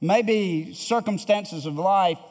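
A pastor preaching a sermon, earnest and emphatic, who repeats phrases and asks the congregation rhetorical questions. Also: male voice, high-pitched, slow, darkish tone. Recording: long hall reverb.

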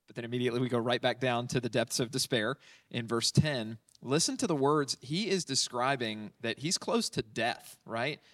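A man's voice: mid-range voice, normal speed, fairly bright tone, no echo, far from the mic. Man teaching a psalm, mic set back. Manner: conversational, asks "right?" often, many fillers. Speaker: pastor.

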